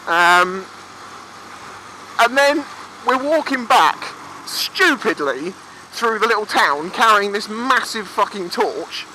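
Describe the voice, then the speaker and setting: In a rough recording with faint road and engine noise, an Englishman in his twenties vlogs from his motorbike on the seafront, telling stories casually. He's chatty, swears a lot and mimics the voices of those he quotes. His voice is high-pitched, bright and forceful, expressive yet slow.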